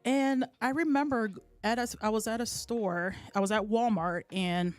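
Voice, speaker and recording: A woman's voice: a little high, moderate pace, no echo. A woman in her thirties, a chef, guest on an interview show, telling an emotional personal story in a casual, earnest way.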